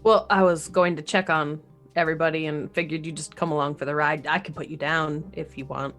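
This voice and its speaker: A woman's voice: low-pitched, fairly even intonation, a little fast, a bit bright, soft background music. A woman playing a tabletop game, casually describing her character's actions in the third person.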